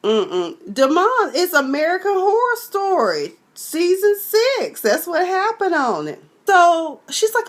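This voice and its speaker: With a Texan accent and a high, sing-song voice, a woman recaps a TV episode at normal speed with hardly any pauses. She's sassy and exclamatory, acting out the characters in many voices in an animated, casual recap.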